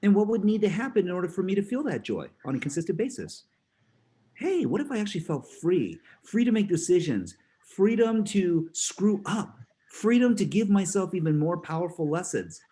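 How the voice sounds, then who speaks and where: A man giving a motivational talk, animated, laughing often and acting out voices in his stories. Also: high voice, moderate pace, breathy edge. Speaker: motivational speaker.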